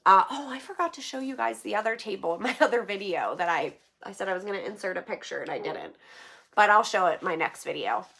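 A woman's voice: medium pitch, animated, fast talker, creaky, bright, forceful tone, slightly rough. A woman vlogging as she opens donations, chatty with many fillers and near tears with gratitude. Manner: emotional, near tears, laughing through it. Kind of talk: casual vlog chat.

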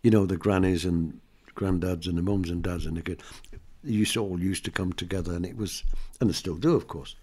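A man's voice: deep voice, fairly quick, hardly any pauses, dark tone, breathy edge. An older man, a comedian guest, chatting in an interview and telling anecdotes and jokes with frequent laughs. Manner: chatty storyteller, laughs often, acts out jokes.

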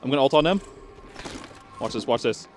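A man giving live gameplay commentary as a gaming YouTuber, excitable, yelping and pleading under pressure and bragging to his viewers. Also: medium pitch, brisk, faint music behind. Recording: game sound effects and gunfire behind.

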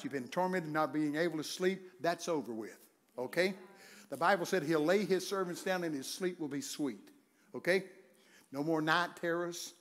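A man's voice: fairly high pitch, fairly bright tone. An older man preaching a humorous, folksy sermon full of stories, often laughing and acting out voices.

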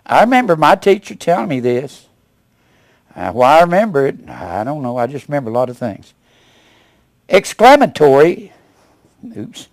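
An older male pastor in his seventies delivers a sermon with a wide-swinging, animated voice. He punches key words loudly, then drops to low, quiet asides. The sound is close and dry. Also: normal speed, gravelly, long pauses, no room sound. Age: 70s. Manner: emphatic preaching, rising to loud punches then dropping low.

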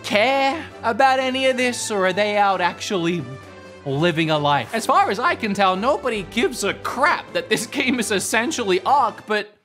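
Brief: young Australian man, comedic host, lively sarcastic delivery, soft music bed. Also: high voice, moderate pace. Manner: sarcastic, jokey rants. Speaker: gaming YouTube host. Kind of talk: comedic video commentary.

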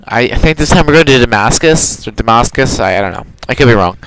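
A man's voice: mid-range voice, lively intonation, fast talker, noisy background. A young man casually commenting while he plays a video game, rambling and correcting himself as he goes. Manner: rambling, self-correcting, chatty. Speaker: gamer. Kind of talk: casual let's play commentary.

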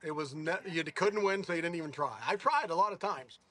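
Brisk and breathy-edged, with a fairly high pitch, this golfer in his sixties rambles through tales in a laid-back interview. He's animated and frequently self-corrects.

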